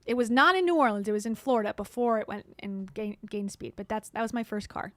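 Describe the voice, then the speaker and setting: A woman's voice: mid-range voice, quick pace, noisy background. A woman hosting her own show, chatting casually and joking wryly about herself. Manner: wry, joking, laughs at herself. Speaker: host. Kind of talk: casual commentary chat.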